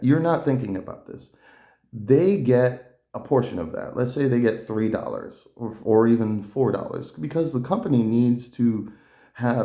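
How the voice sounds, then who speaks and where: A man's voice: mid-range voice, mellow. A man giving a blunt, profane, riled-up opinion monologue as a vlogger. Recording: echoey room.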